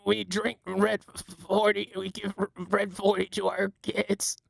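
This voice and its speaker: An older male politician speaks slowly and earnestly in a strained, breathy voice. A man puts him on, pushing his pitch well up. Each word comes out drawn-out and quiet. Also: little pitch movement, dry recording, heavily acted. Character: raspy, slow-drawling older male politician.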